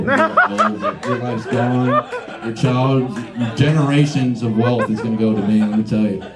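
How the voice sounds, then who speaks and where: A man's voice: a little high, mellow. Profane young man doing stand-up. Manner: profane, rambling, riffing with the crowd. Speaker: stand-up comedian. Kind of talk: live stand-up comedy set. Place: small bar venue with a live audience. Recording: echoey room with crowd noise.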